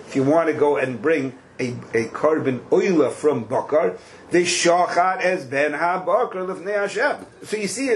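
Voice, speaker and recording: A man's voice: fairly high pitch, low-quality recording. A man leading a text study lesson, explaining with rhetorical questions and joking asides. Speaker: teacher leading a study class.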